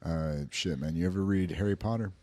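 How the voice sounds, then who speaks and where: A man's voice: sits low, fairly quick, darkish tone. A man hosting a podcast, musing in a laid-back way with lots of filler. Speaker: podcast host. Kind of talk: casual podcast chat.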